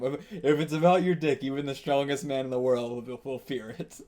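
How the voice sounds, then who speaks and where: A laid-back host of a manga reaction channel reads manga aloud while reacting live, chuckling as he goes. His medium-pitched voice is steady and a little mellow, fairly quick with hardly any pauses, and he's casual, thinks aloud, laughs often and swears.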